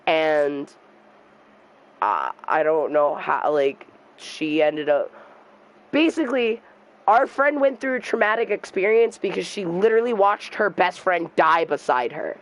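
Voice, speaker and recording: A young man streaming a game, telling a personal story in a soft, halting voice and trash-talking the game now and then. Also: high-pitched, expressive, low-quality recording. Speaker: gamer streamer. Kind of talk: casual storytelling while gaming.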